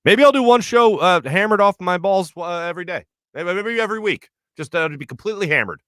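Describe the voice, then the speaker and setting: A man in his thirties hosts a sports show in the studio, high-pitched, animated and fast, with a fairly bright, clean tone. The dry, clean recording catches him reading viewer comments, laughing often and telling rambling stories.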